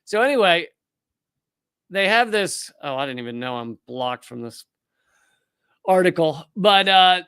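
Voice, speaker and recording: A man from Richmond, Virginia, with a Southern US accent hosts a live political commentary stream, answering the chat in a quick, sardonic way and often restarting his sentences. His voice sits high and sounds animated, fairly bright, and clean. The recording is studio quality with no echo.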